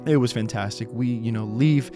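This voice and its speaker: A man recounting an event in a casual vlog, excited and rambling, with lots of "you know" and "uh". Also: mid-range voice, normal speed, music in the background. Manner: acts out quotes, whispers an actor's lines. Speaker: video creator recounting an event.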